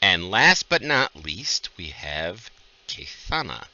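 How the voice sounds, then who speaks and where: A man running a tabletop game as game master, lively and laughing with his players. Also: sits low, takes it slowly, no echo, lo-fi sound.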